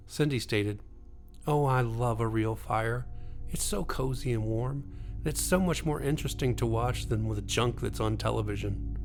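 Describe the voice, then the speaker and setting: A man reading a scripted ghost story in a slow, steady storytelling manner. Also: lowish voice. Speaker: narrator.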